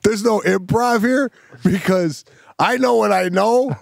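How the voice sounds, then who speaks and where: A man co-hosting a podcast, telling stories in animated, self-mocking bursts. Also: high voice, a little slow, gravelly, no echo, clean studio sound. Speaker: podcast co-host. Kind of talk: casual comedic storytelling.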